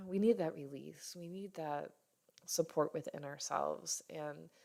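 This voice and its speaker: A woman in her thirties hosting a podcast as a doctor, talking frankly and warmly in an unscripted way, and sometimes acting out what others say. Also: deep voice, a little slow, gravelly. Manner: frank and heartfelt, swears casually, acts out others' lines. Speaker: podcast host, functional medicine doctor. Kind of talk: candid solo podcast talk.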